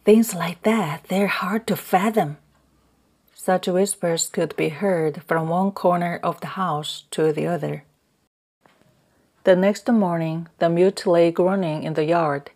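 A woman narrating an audiobook in a slow, measured reading voice. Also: sits low, darkish tone. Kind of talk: scripted narration.

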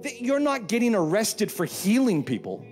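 A man's voice: high voice, normal speed, soft background music. A man preaching a sermon on a church stage, joking and acting out Bible scenes in put-on voices. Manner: animated, joking, acts out quotes in put-on voices. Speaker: pastor.

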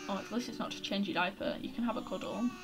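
A woman's voice: mid-range voice, steady tone, fast talker, over music. Flustered chatty woman gamer. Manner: chatty, flustered, talks to her game characters. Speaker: gaming YouTuber. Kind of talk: casual let's-play commentary. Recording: background noise.

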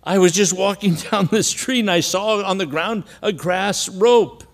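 A man doing a sheepish high-voiced thief. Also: measured pace. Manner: innocent, playing dumb. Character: sheepish male ox thief in the stocks.

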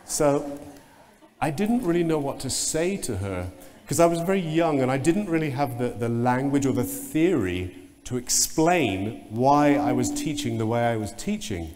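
A man giving a conference keynote talk, telling anecdotes in an animated way and mimicking sounds and voices. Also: medium pitch, moderate pace, slight background noise. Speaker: keynote speaker. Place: large conference hall. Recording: long reverb of a conference hall.

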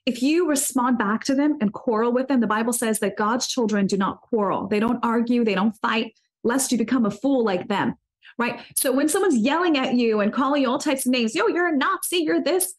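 A woman's voice: fairly high pitch, fairly quick. A woman who is the guest in an interview, talking earnestly in a preachy way and often restarting her sentences. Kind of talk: casual interview talk about faith.

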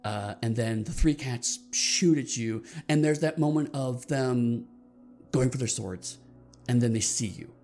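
Gravelly game master narrating a tabletop game. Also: male voice, mid-range voice, a little slow, darkish tone, faint music behind. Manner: rambling, with frequent restarts.

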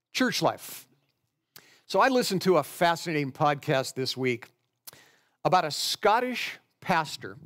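A middle-aged pastor with a fairly high voice preaches to his church. He talks through the passage verse by verse in an easy, conversational way and stops to explain each line. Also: fairly bright tone. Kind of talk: sermon.

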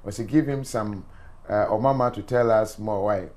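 A man's voice: fairly low pitch, normal speed, a little mellow. A man with a Ghanaian accent hosting a live show, reading out viewer comments and mixing in Twi asides. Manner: reads comments aloud, mixes in Twi, chuckles. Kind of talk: casual live-stream chat.

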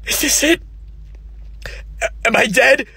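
A man's voice: takes it slowly, creaky, pushed and bright, breathy edge, no echo, exaggerated voice. A man voicing a dying father who whispers goodbye and then panics in confusion. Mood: panicked. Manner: whispery farewell, then high panicked questions. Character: dying father in bed, bewildered.

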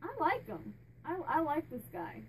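High-voiced woman channeling a spirit. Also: very animated, normal speed, far from the mic, slight background noise, poor audio. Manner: chatty, warm-hearted, many restarts and fillers; laughs and jokes with the spirit. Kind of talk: casual channeling talk to camera.

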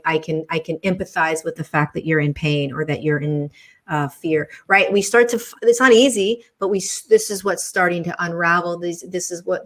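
Spiritual host, woman, low and even-toned, earnest and repetitive, speaking over a video call. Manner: earnest, repeats phrases, many restarts. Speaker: spiritual teacher hosting a live session. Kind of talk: heartfelt livestream talk.

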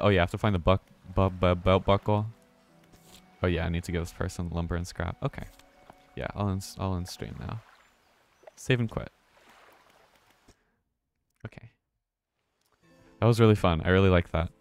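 Man streaming a game, low deep voice, reactive, swearing, muttering, faint music behind. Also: steady tone, normal speed, gravelly, long pauses. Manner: reactive, swears when startled, mutters to himself. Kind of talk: live gameplay commentary.

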